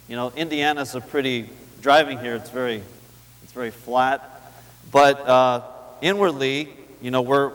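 A man giving a sermon in a conversational way, repeating key phrases for emphasis and reading scripture slowly. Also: medium pitch, a bit bright. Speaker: preacher. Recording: long hall reverb.

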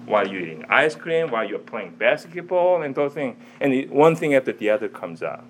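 Animated male preacher, lively pitch. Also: brisk, slight background noise. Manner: animated, quizzes the audience. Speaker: church teacher. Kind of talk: sermon-style teaching.

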